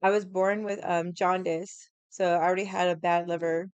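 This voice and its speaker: A woman's voice: lowish voice, level tone, moderate pace, a little mellow, clean tone, dry recording. A woman telling a story in casual chat, blunt and profane, rambling with lots of "like". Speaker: vlogger.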